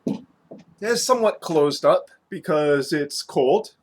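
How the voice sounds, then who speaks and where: A man's voice: fairly high pitch, lively intonation, takes it slowly, slightly rough. A man casually rambling through a beer review at home, chatty and self-mocking, with lots of fillers and restarts.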